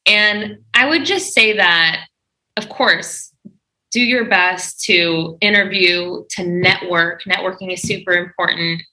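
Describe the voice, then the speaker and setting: Bright-voiced woman giving career advice. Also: fairly low pitch, takes it slowly, low-quality recording. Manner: earnest, encouraging advice. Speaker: guest. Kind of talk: podcast interview.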